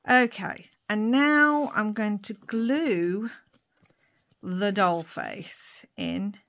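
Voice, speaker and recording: A woman talks through a crafting tutorial at an easy, unhurried pace. She thinks aloud, fills gaps with little ums, and now and then drops to a soft whisper while she works at her desk at home. Her voice sits at an ordinary, middle pitch. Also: very animated. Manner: thinks aloud while working, with frequent fillers and asides. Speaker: papercraft vlogger.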